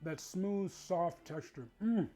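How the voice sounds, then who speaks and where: A man's voice: high-pitched, lively intonation, slow pace, soft background music. A man hosting a cooking show, chatting casually and enthusiastically as he tastes his food. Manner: warm, enthusiastic, savoring food aloud.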